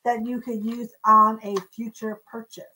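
A woman's voice: fairly high pitch, flat delivery, normal speed, sharp tone, low-quality recording. A woman co-hosting a live online auction, chatting casually as she describes vintage pieces and stumbles over names. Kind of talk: casual live-stream selling chat.

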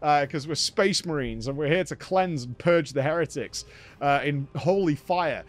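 A man hosts a gaming show and talks through a game he has just played. He is chatty and enthusiastic and tends to ramble. His voice sits on the higher side. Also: moderate pace. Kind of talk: casual game recap.

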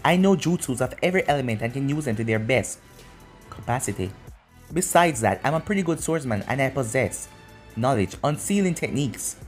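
A man's voice: mid-range voice, expressive, a little fast, faint music behind, natural voice. A man reading a boastful sinister snake ninja.

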